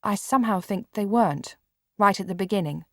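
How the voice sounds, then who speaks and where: A woman reader voicing a bedridden boy who is blunt, brusque and quick to scold. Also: mid-range voice, no room sound, studio quality, pitched above the performer's own voice, close to an everyday voice. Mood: probing.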